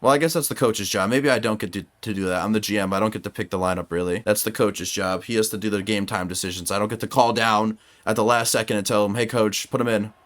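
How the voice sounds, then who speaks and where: A young man commenting on his own basketball video game, talking to the players on screen and shouting when the plays go his way. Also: on the low side, steady tone, quick pace, hardly any pauses. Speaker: gaming YouTuber.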